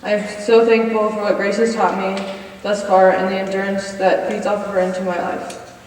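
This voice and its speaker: A college senior in her twenties gives a personal testimony in a chapel hall, earnestly reading from notes and cueing slides. Her medium-pitched voice is level, a little mellow, at normal speed. Recorded from far off in the echoey hall, with slight background noise.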